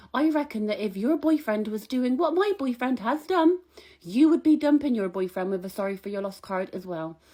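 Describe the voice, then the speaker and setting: A woman's voice: high-pitched, a little mellow. A young woman delivering a comic monologue to camera, chatty, indignant and rambling like she is gossiping. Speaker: comic vlogger.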